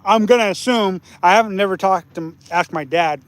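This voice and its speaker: A man, hosting a casual live fishing stream outdoors. He laughs often and gets loud and excited whenever a fish bites. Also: sits high, normal speed. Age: 40s. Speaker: fishing channel host. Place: outdoors by the water.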